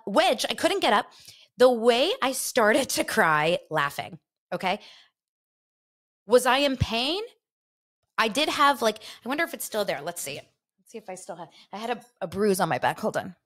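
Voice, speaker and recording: A woman's voice: a little high, a bit bright. A woman hosting a casual chat show, telling a rambling story full of fillers. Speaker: podcast host.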